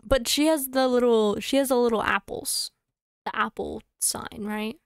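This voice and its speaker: Woman streamer rambling casually while she plays, slightly high voice, dry close sound. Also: clear, resonant tone, dry recording. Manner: chatty, thinks aloud, quick asides and laughs. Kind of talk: casual live-stream chatter while playing a game.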